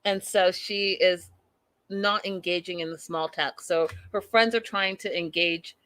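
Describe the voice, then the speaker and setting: A woman hosting a casual reality-show recap, sassy and animated, acting out what people said. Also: fairly low pitch, unhurried, no room sound. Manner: animated, sassy, acts out quotes.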